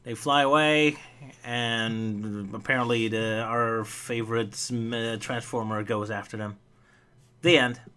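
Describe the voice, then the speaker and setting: A man with a bright, forceful voice at a middle pitch hosts a loose comic review chat. He jokes around and laughs a lot as he sums up the stories. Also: fairly even intonation, unhurried, clean tone. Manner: laughs often, playful jokey asides. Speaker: podcast host.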